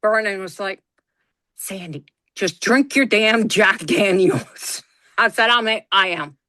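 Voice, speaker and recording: A woman's voice: mid-range voice, slow, dry recording, clean studio sound. A woman telling a family story in a casual chat, acting out the voices of the people in it and swearing freely. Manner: animated, acts out quoted voices, swears freely. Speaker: guest storyteller.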